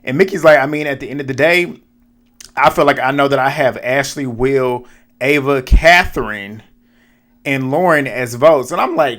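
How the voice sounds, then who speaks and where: A young man giving a casual, animated recap of a reality show, speaking bluntly and with lots of slang, directly to his viewers. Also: mid-range voice, moderate pace. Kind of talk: casual episode recap and commentary.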